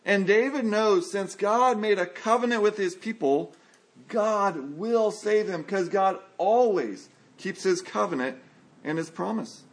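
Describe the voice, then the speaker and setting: A middle-aged male pastor delivers an earnest sermon. His voice sits a touch higher than most men's, and he lets it sink low and slow on the words he wants to land. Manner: earnest preaching, slows and drops low for emphasis.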